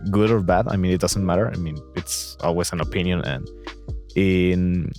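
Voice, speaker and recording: A man's voice: low-pitched, normal speed, a little mellow, faint music behind. A young man from Mexico with a Mexican accent, hosting a casual podcast and rambling with "I mean" and "like".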